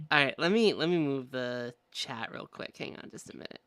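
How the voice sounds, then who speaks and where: A woman's voice: a bass voice, no echo. A woman streamer chatting casually and muttering at the game as she plays. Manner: relaxed, slow, playful muttering at the game. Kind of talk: casual let's-play chat.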